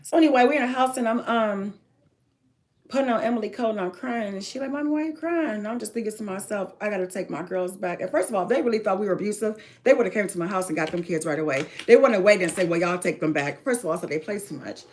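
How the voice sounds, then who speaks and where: A woman's voice: mid-range voice, fast talker, slight background noise. A woman talking to viewers in a casual chat, telling a long personal story in emphatic run-on sentences.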